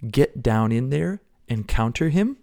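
A man preaching a devotional podcast sermon, earnest, swinging between loud exhortation and hushed whispers. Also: mid-range voice, big pitch swings, a little slow, creaky.

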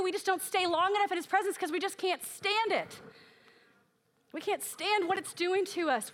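A woman's voice: sits high, fairly bright tone. A woman preaching a sermon in a candid, emotional way, acting out her own prayers aloud and sounding tired from crying.

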